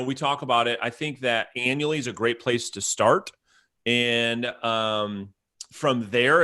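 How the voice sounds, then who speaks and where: A man's voice: medium pitch, fairly bright tone. A man hosting a live audio-room mastermind, coaching his listeners with emphatic, persuasive urgency. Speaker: host.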